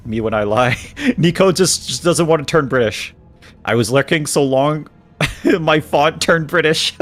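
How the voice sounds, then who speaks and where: A man's voice: mid-range voice, big pitch swings, slow, soft background music. A man streaming a game, casually joking with chat and reading the game's dialogue aloud, now and then in a mock British voice.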